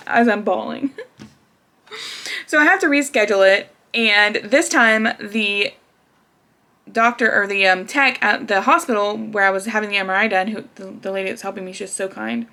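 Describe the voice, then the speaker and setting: A young woman tells a personal story straight to camera in a casual, chatty way. She laughs often and fills her talk with "like" and restarts. Her voice sits at an everyday middle pitch. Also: normal speed, sharp tone. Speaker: vlogger.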